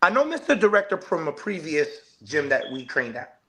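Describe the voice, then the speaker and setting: A man's voice: on the high side, very animated, normal speed, pushed and bright. A man, a professional wrestler, talking as the guest on a live online interview show, with emphatic hype-style delivery. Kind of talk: podcast interview.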